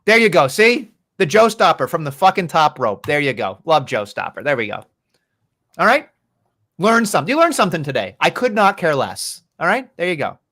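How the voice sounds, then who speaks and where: A man's voice: on the high side, sing-song, fairly quick, sharp tone. A man co-hosting a podcast, chatting casually about wrestling in a rambling, profane way. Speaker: podcast co-host.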